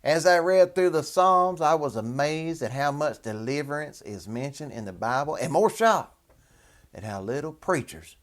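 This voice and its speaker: Figure: a man doing a self-important male preacher. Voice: exaggerated put-on accent, raised pitch. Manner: preening, boastful, sarcastic. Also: animated, moderate pace, lightly acted. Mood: mocking.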